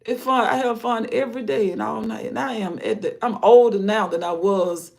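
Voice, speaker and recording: An older grandmother hosting a live stream, talking in a rambling, casual way about her day and her faith, often sinking into soft murmurs. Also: fairly high pitch, steady tone, moderate pace, creaky. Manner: rambling, warm-hearted, drifts into soft murmurs. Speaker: livestream host.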